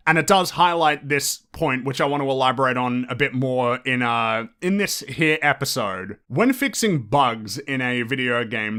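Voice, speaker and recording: Animated man with a bright voice. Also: mid-range voice. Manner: animated, frequent restarts, casual swearing. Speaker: podcast host. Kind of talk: casual commentary monologue.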